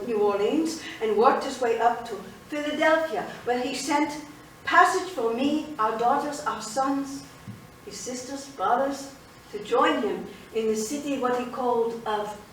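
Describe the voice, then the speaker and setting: An actress in a solo theatrical monologue, playing an older immigrant grandmother who tells her story with expressive, indignant energy, recorded from a distance in an echoey theater. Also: on the high side, a little hiss or hum, close to an everyday voice. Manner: expressive storytelling, switching between wistful and fiery. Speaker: solo stage performer. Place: theater stage.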